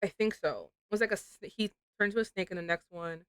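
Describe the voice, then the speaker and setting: A woman streamer chatting casually to her viewers while getting over a cold, with a slight rasp in her throat, giggly and chatty with sudden animated outbursts. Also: mid-range voice, brisk, dry recording. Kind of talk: casual live-stream chat.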